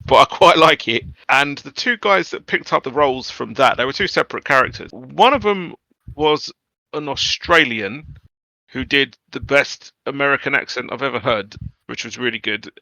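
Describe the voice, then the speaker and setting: A man's voice: medium pitch, moderate pace, creaky, bright, forceful tone, no room sound, low-quality recording. A man co-hosting a casual podcast chat, jokey and sweary, laughing often. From Britain. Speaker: podcast co-host.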